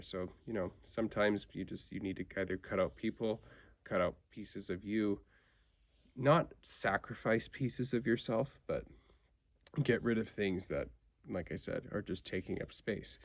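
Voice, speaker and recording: A man with a low, gravelly voice talks casually late at night, drifting from thought to thought with plenty of fillers and restarts. The sound is dry and close, with no room around it. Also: dry recording. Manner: rambling, reflective, many fillers and restarts. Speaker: vlogger.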